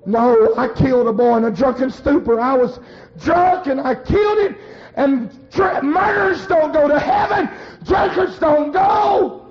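A high-voiced preacher playing a bitter, dying old drunk man who pleads and breaks into anguished shouts. The sermon recording sounds dull and lo-fi, with faint music underneath. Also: slow pace, long pauses.

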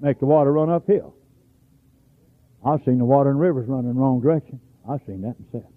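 A man preaching a sermon, telling stories in a folksy way and breaking into shouts. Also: mid-range voice, a little fast. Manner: folksy storytelling, bursts into shouts. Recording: tinny phone-like radio recording.

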